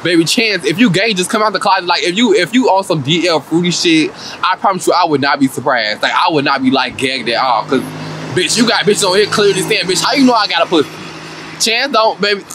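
Sassy, high-voiced man recapping reality TV. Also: fairly quick, slight background noise. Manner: animated, profane and sassy, laughing often. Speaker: vlogger.

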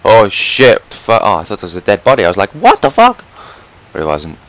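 Young male let's player, brash and foul-mouthed, very animated pitch. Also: quick pace. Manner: loud, profane, yelling at the game. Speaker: gameplay commentator. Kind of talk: let's play commentary.

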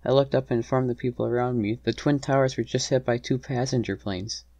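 A man's voice: medium pitch, fairly even intonation, brisk, creaky, a little mellow, dry recording. A man narrating a dramatized story in the first person, earnest and tense.

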